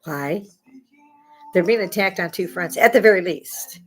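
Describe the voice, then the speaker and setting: A woman's voice: fairly low pitch, unhurried, faint music behind, poor audio. A woman in her sixties from the United States, delivering a blunt, profane, riled-up opinion monologue with sudden outbursts. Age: 60s. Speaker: vlogger.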